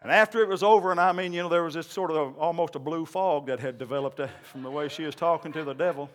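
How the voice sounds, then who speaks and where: A male pastor preaching a sermon, telling folksy stories and then climbing into loud, shouted preaching. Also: fairly high pitch, fast.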